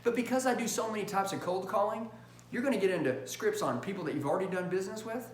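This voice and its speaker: A man coaching salespeople in an emphatic, punchy style, acting out phone calls in quick bursts and checking in with his audience. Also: high-pitched. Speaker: sales trainer. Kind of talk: high-energy sales training talk. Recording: roomy echo with faint hum.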